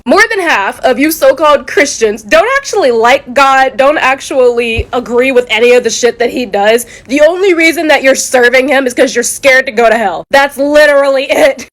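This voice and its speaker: A young woman speaks straight to camera in a blunt, opinionated vlog. She swears freely and laughs mockingly. Her voice sits a little high. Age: young adult. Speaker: vlogger. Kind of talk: casual opinionated commentary.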